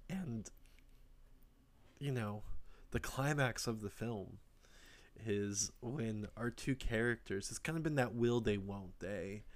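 Rambling man pitching a silly movie plot. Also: measured pace. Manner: rambling, many fillers, acts out quoted lines. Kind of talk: casual comedic storytelling, pitching a made-up film plot.

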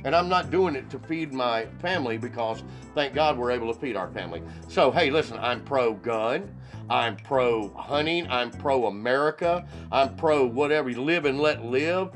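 A man's voice: medium pitch, expressive, moderate pace, soft background music. Blunt, opinionated man chatting on a podcast. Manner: blunt and opinionated, repeats "you know what", stammers on restarts. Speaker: podcast co-host. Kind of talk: casual podcast banter.

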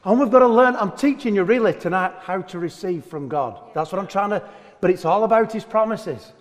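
A man preaching a sermon as pastor, animated and joking as he talks to his church. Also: sits high, fairly quick. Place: church hall. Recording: long hall reverb.

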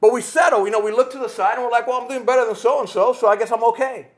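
High-voiced man preaching with passion. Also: fairly even intonation, fast. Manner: passionate preaching, rising to shouts then dropping low. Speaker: pastor. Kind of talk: sermon.

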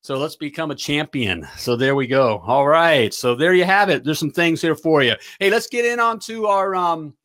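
A middle-aged man runs a business-coaching livestream, pumping viewers up and asking "all right?" time after time. His voice is on the high side, at normal speed, with hardly any pauses.

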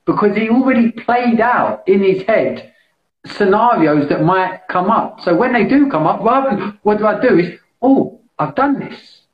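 A British man hosting a live meditation session, talking casually and enthusiastically as he pitches a membership, with frequent restarts. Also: lively intonation, normal speed. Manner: enthusiastic, salesy, restarts often. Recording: echoey, dull lo-fi sound.

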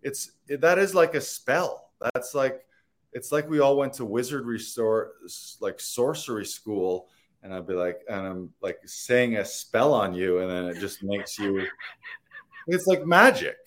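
A man's voice: mid-range voice, expressive, measured pace. A man, an actor, talking in a rambling, earnest and playful way in a casual interview, laughing and swearing now and then. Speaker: actor guest.

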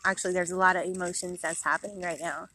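A woman's voice: fairly low pitch, little pitch movement, quick pace, pushed and bright, a little hiss or hum. A woman in her thirties hosting a podcast, chatting casually and rambling with many fillers, a little out of breath, recorded outdoors at a park. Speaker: podcast host. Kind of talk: casual chat.

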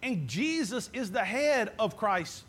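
A man's voice: sits high, very animated, takes it slowly, a bit bright, slightly rough. A man preaching a sermon as pastor, posing questions to the congregation and answering them himself.

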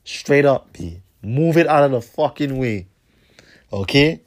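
A man's voice: animated, unhurried. Profane ranting man, heated and repetitive. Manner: profane, repetitive, heated, trails off low at line ends. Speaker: podcast host. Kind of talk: rambling storytelling rant.

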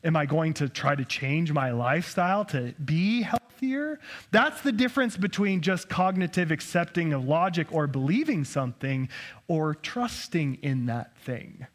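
Male pastor, fairly high voice, chatty self-deprecating sermon delivery, rhetorical questions. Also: expressive, measured pace.

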